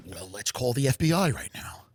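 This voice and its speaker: A man's voice: medium pitch, sing-song, brisk, darkish tone, dry recording, clean studio sound, pitched below the performer's own voice. A man voicing a smug, cavalier rich male vacationer who congratulates himself. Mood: mock-heroic.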